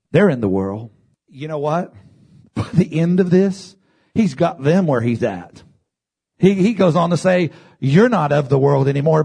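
A man preaching a sermon, swinging from low murmurs to high shouted peaks and calling for responses from the congregation. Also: gravelly, breathy edge.

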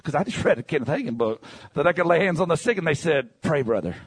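Preacher, male, high-pitched, dry close sound, lively storyteller who shouts at peaks. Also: fast, breathy edge, no room sound. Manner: animated storyteller, bursts into shouts. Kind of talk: sermon with personal testimony.

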